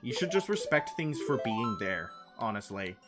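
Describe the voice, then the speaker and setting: A man's voice: medium pitch, very animated, moderate pace. A man streaming a game and chatting casually, telling stories and drifting between topics. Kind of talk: casual chat while gaming on stream. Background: faint game music.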